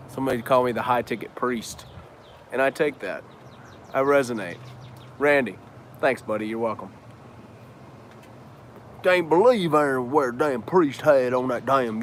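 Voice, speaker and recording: A man's voice: mid-range voice, moderate pace, long pauses, slight background noise. A man hosting a casual live stream and answering viewer questions in a loose, slangy way, cussing freely. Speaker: business owner and trainer hosting a live stream.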